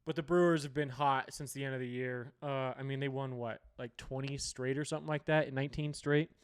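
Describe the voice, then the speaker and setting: A man's voice: medium pitch, fairly even intonation, a little fast, clear, resonant tone. A young man hosting a sports show, giving rambling, opinionated and profane picks in casual chat. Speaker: sports podcast host.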